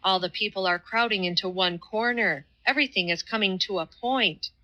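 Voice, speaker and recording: A woman's voice: medium pitch, normal speed, sharp tone, dull audio, natural voice. A woman reading the part of an earnest, devout man who speaks with fervent, laborious care in an audiobook.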